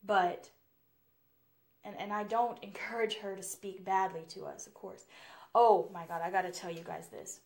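A woman's voice: medium pitch, fairly even intonation, normal speed, creaky, darkish tone. A young woman hosting a podcast alone, talking frankly and casually, with frequent laughs and lots of "you know". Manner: chatty and frank, laughs often, says "you know" a lot. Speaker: podcast host. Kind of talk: casual solo podcast talk.

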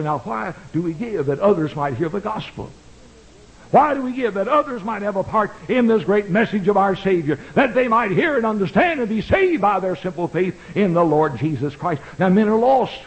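A man preaching a fiery old-time sermon in a church, swinging between loud cries and low, hushed words. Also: low-quality recording. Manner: impassioned preaching with dramatic swings in pitch and volume. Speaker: pastor. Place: church sanctuary. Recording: old radio broadcast recording.

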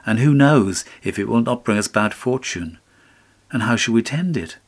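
A man's voice: medium pitch, expressive, moderate pace. A man voicing a poor woodcutter's wife who complains in a raised, pleading voice in a storybook reading. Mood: fretful.

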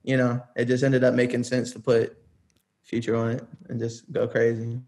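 Chill young guy producer rambling in an interview, lots of "like", laughs a lot, mid-pitched voice. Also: monotone, normal speed, a little mellow. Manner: laid-back, rambling, laughs often, many "like"s. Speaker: music producer and guest. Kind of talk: casual interview chat.

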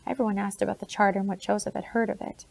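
A woman reading a novel aloud in steady, plain first-person narration. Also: medium pitch, racing, gravelly. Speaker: audiobook narrator.

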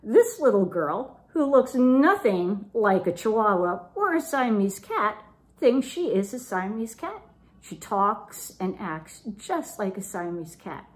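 A woman reading a children's picture book aloud in an animated, playful way. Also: medium pitch, slow. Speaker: children's storytime reader.

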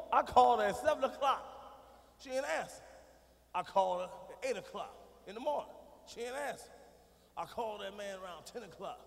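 A middle-aged man doing a profane stand-up comedy routine on a big arena stage, dropping from low muttering to shouting. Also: lively intonation, brisk, vocal fry, long pauses. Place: large arena stage with audience. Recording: live hall recording with reverb.

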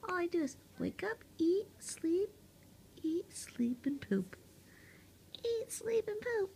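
A very high, sing-song little voice for a sleepy, hungry newborn boy, as his mother speaks for him. It drifts slowly up and down in soft baby talk over a faint home hiss. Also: sing-song, full character voice.

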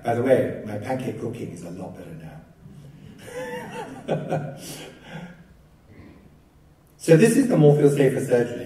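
Man, keynote lecturer, low mellow voice, anecdotal and wry, echoey hall, distant mic. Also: slight background noise. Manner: conversational, lightly humorous storytelling. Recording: echoey hall, picked up from afar.

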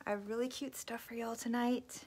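A woman's voice: on the high side, fairly even intonation, a little fast, a little mellow, breathy edge. A woman hosting a casual live boutique sale, bubbly and chatty, a little out of breath. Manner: bubbly, chatty, apologetic asides.

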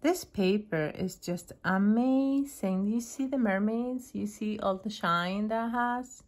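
A woman hosts her craft channel in a casual unboxing vlog. She talks at an unhurried, slow pace, lingering over each item. Her pitch sits mid-range, and she keeps softly gushing with admiration. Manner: gushing, admiring, soft-spoken with frequent fillers.

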